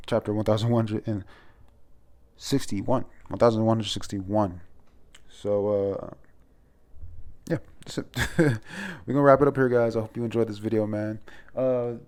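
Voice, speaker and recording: A man's voice: medium pitch, a little mellow. A young man casually reviewing a comic chapter, rambling and profane with lots of restarts. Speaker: manga reviewer.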